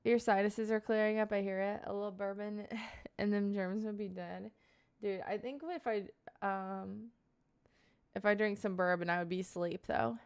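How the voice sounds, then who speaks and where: A woman's voice: mid-range voice, fairly even intonation, normal speed, smooth. A young woman live-streaming, chatting casually and playfully with her viewers and answering their questions. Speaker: livestreamer.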